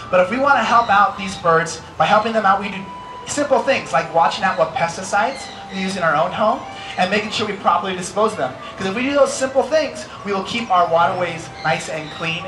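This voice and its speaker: A man's voice: high voice, background noise. An American man presenting a live educational bird show, playful and teasing as he coaxes volunteers. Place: outdoor amphitheater stage. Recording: roomy live show sound with music.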